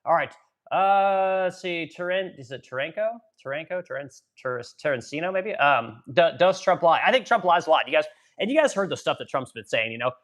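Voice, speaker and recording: Livestream host, male, 40s, from Missouri; profane, heated rant, somewhat high voice. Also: lively intonation, brisk, fairly bright tone. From Missouri, USA. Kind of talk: political rant and chat reading.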